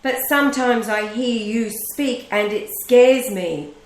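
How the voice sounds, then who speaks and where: A woman hosting a religious online show, talking slowly and emphatically in a preaching manner with long pauses. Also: on the high side. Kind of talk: religious web show monologue. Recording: echoey room.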